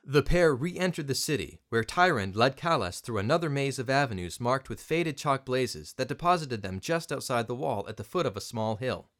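A man narrating a story in a scripted, expressive reading. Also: medium pitch, moderate pace, few pauses. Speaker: audiobook narrator.

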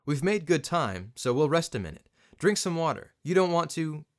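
A man voicing a gruff, weathered middle-aged father who speaks in brusque, terse lines. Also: on the high side, very animated, normal speed, voice pushed up. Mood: steady.

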